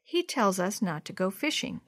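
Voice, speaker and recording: A woman voicing a gentle, patient father in a storybook, reading calmly. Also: mid-range voice, moderate pace, dry recording, clean studio sound.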